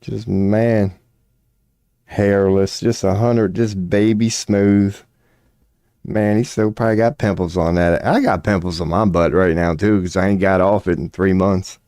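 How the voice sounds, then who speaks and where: A man's voice: low voice, fairly even intonation, measured pace, a little mellow, dry recording, studio quality. A man streaming a casual rant, profane and mocking, with a drawling delivery at his computer.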